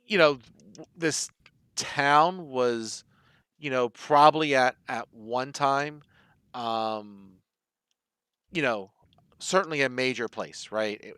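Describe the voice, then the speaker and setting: A man's voice: medium pitch, a bit bright, clean tone, no echo. A man narrating as game master of a tabletop game, rambling with many fillers. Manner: rambling, many fillers like "you know" and "right".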